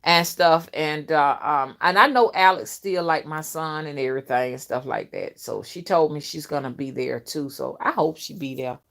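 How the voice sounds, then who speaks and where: A woman's voice: deep voice, moderate pace, vocal fry, few pauses, fairly bright tone. Folksy chatty woman hosting a live stream. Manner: chatty and folksy, addresses viewers as y'all and honey. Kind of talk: casual live-stream chat reading viewer comments.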